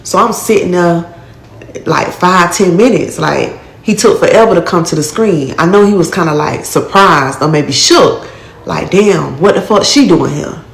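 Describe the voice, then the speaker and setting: Woman storyteller, lowish voice, blunt and profane, echoey room. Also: moderate pace, creaky. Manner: blunt, profane street talk with acted-out quotes. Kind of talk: casual first-person storytelling.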